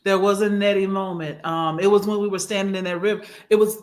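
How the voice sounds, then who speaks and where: A woman recounting a personal trip in casual podcast chat, animated and acting out what others said, on a studio microphone. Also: mid-range voice, fast. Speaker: regular co-host and guest.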